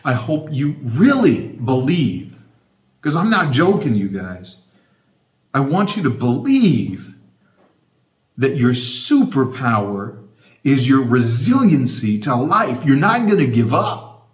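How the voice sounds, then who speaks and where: A man's voice: mid-range voice, sing-song, slow, reverberant. A man giving an impassioned motivational talk straight to his viewers, repeating his points with heavy emphasis. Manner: impassioned, repetitive and emphatic, emotional to the point of tearing up. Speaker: motivational speaker.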